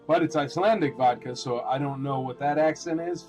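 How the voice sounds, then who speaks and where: A man's voice: mid-range voice, fairly quick, few pauses, darkish tone, soft background music. A man hosting a casual live-stream auction, chatty and rambling with lots of filler words.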